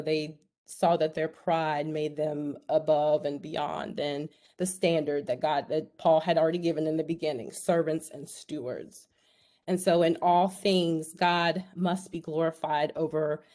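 A woman teaching a virtual Bible study over a video call, speaking haltingly with many fillers and restarts. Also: fairly low pitch, a little mellow.

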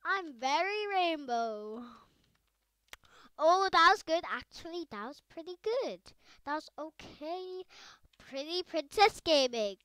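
A woman chats through her gameplay in a high, bright voice. She rambles, trails off and perks up with quick excitement. Her voice is dry and close, with no room echo. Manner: chatty and excitable, rambling with fillers. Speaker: gaming video creator. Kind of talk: casual gameplay commentary.

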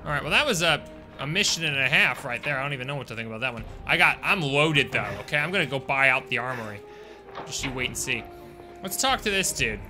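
A man's voice: medium pitch, animated, fast, music in the background. A young man streaming a video game, chatting casually and joking with his viewers. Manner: chatty, jokey, talks to chat. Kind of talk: casual gameplay commentary.

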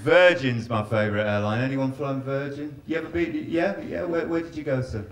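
A man with a medium-pitched voice talks at a normal speed during his stand-up set. Recorded at a live show, he jokes around with the crowd and teases them, drawing laughs.

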